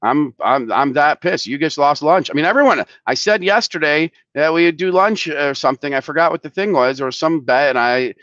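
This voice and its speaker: A man's voice: on the high side, brisk, hardly any pauses, fairly bright tone, dry recording, lo-fi sound. A man co-hosting a casual live stream, worked up and ranting, swearing, with many restarts and repeated words. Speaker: show co-host, company head.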